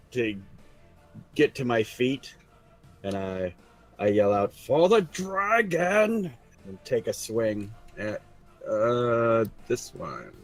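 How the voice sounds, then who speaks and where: Slow, halting man at the game table. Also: on the low side, darkish tone. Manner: hesitant, halting, with fillers. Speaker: player. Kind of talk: describing his character's actions at the table.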